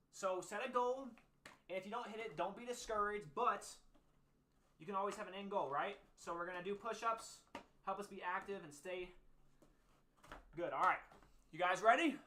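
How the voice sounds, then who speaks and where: Panting after push-ups, a young man hosting an easygoing faith livestream reads and answers the chat in a cheerful, talkative manner. His pitch sits high and his tone is pushed and bright, at a moderate pace with frequent pauses. A faint hiss or hum runs under the recording.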